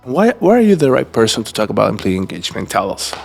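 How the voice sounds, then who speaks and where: A man's voice: fairly low pitch, big pitch swings, quick pace, gravelly, a little mellow, faint music behind. Man hosting a bilingual podcast. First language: Spanish. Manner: enthusiastic, repeats and restarts, slips between languages. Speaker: podcast host.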